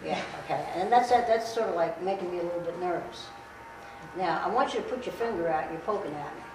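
A woman's voice: lowish voice, quick pace. A middle-aged woman giving a blunt, streetwise safety talk to a class, repeating herself as she demonstrates. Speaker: guest speaker on safety. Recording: echoey room recorded from far, noisy.

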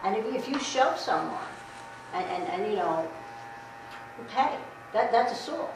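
A middle-aged woman gives a class a blunt, streetwise safety talk as a guest speaker, repeating herself while she demonstrates. Her mid-range voice is animated and a little slow. The recording is noisy, made from a distance in an echoey room.

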